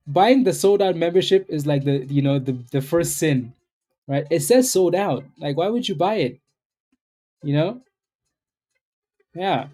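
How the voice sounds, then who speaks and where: Mellow-voiced man hosting a trading livestream. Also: a little high, takes it slowly, long pauses. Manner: rambling, keeps asking "right?", repeats himself. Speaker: stock trading livestream host. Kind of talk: casual live market commentary.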